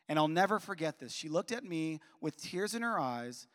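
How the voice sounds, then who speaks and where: High-voiced man preaching in an echoey hall. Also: brisk, few pauses. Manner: animated, with repeated restarts and acted-out dialogue. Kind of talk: personal storytelling sermon. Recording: long echoey hall reverb.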